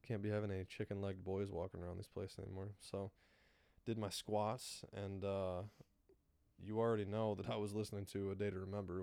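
A man's voice: fairly low pitch, creaky, a little mellow, no room sound. A young man co-hosting a podcast in casual chat, rambling with lots of fillers and frequent laughs. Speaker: podcast co-host.

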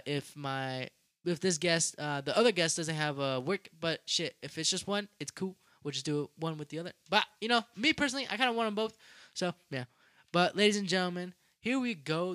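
Bright, slangy young male podcast host. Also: on the high side, no echo, studio quality. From Mexican heritage. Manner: slangy, swearing, laughing. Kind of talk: casual podcast banter and freestyle rap.

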